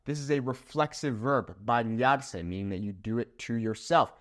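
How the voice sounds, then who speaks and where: Lively, animated man teaching a lesson. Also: medium pitch, moderate pace. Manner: animated, checks in with "okay?" often. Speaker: Spanish teacher. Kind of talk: whiteboard grammar lesson. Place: room with a whiteboard.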